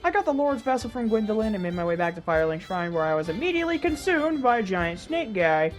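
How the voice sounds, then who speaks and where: Animated woman narrating her gameplay. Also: medium pitch, quick pace, faint music behind. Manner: exasperated, self-mocking, swears casually. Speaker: gaming YouTuber. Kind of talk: casual gameplay commentary.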